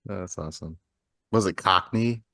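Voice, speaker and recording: A man's voice: low-pitched, normal speed, pushed and bright, dry recording, studio quality. A man co-hosting a podcast, talking loosely with lots of fillers, restarts and swearing. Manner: rambling, swears often, many fillers and restarts. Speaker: podcast co-host. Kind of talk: casual chat.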